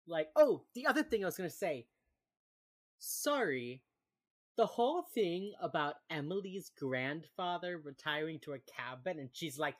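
Low-voiced woman recapping TV casually. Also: moderate pace. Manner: animated, acts out quotes. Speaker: podcast co-host.

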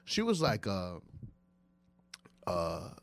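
A man's voice: low-pitched, wildly swooping pitch, very slow, dry recording. A young adult man, a comedian co-hosting a podcast, bantering in a slangy, playful way.

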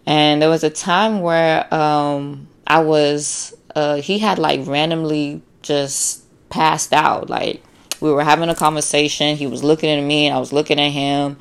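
A low-pitched woman talks straight into her own podcast in a loose, unscripted monologue. She is blunt and freely profane, calls her listeners y'all, and slips into acted-out voices to make a point. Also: measured pace, gravelly, clean tone. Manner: blunt, profane and animated, acts out quotes. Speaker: podcast host. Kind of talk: casual solo podcast monologue.

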